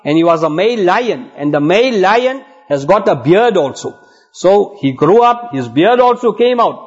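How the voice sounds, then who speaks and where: A man's voice: high voice, slightly rough. A man preaching a sermon to elders and friends, telling a story and exhorting earnestly. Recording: dull lo-fi recording.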